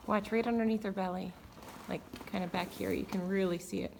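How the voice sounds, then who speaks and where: A woman vlogging about her horse in a casual, excited way, with plenty of fillers, speaking at a barn while grooming her mare. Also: mid-range voice, fairly quick, creaky, noisy background. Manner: excited and chatty, many fillers. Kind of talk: casual vlog chat. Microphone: handheld camera.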